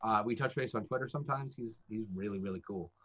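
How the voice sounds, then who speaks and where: A man's voice: on the low side, fast, a bit bright. A man who works as a professional dungeon master, giving casual, chatty, self-deprecating advice in conversation. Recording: dull lo-fi audio.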